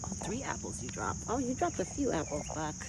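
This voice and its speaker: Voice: medium pitch, a little fast. Chill vlogger outside at feeding time, coaxing a deer in baby talk, crickets going, bit of hiss. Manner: soft, coaxing baby talk to the animal, lifted and sing-song; relaxed, chatty asides to the viewer. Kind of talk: casual vlog narration mixed with talk to an animal. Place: outdoors in a rural yard. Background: crickets and faint outdoor ambience.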